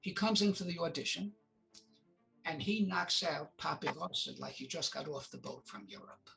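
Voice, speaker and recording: A man's voice: fairly high pitch, gravelly, sharp tone, faint music behind, low-quality recording. A man being interviewed as a film producer, telling stories with many fillers and restarts, acting out what others said. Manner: halting, many fillers, acts out quotes. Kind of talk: interview guest, casual storytelling.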